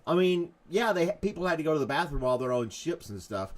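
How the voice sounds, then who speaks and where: A man's voice: a little high, sing-song, fast. A man hosting a live morning chat show, rambling and self-mocking, with jokey asides to his dog and to viewers.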